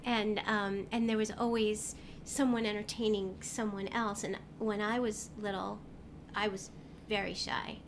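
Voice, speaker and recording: A woman's voice: mid-range voice, level tone, measured pace, noisy background. A woman voice actress chatting as an interview guest, telling stories with lots of ums. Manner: chatty, warm storytelling with many fillers. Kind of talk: casual interview chat. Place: convention venue.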